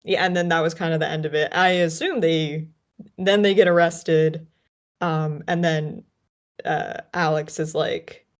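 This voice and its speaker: A woman's voice: low voice, steady tone, unhurried. A woman co-hosting a podcast from a remote call, chatting casually about a film with lots of fillers and restarts. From United States. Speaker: podcast co-host.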